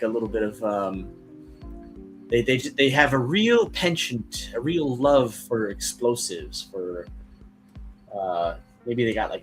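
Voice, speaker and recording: A man of middle pitch talks loosely to his viewers as he draws, wandering from thought to thought with plenty of "like" and "kinda". His tone stays easygoing and unhurried. Soft music plays faintly behind him. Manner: rambling and laid-back, full of "like" and "kinda". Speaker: artist streaming while drawing. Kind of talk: casual streaming chat.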